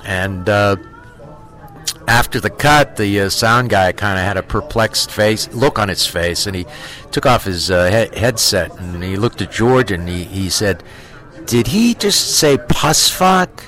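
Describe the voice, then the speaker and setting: A man, an actor, telling a story from a film set in a casual interview, halting with fillers and restarts, swearing freely and acting out the people he quotes. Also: lowish voice, faint music behind. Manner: lively storyteller who acts out quoted voices.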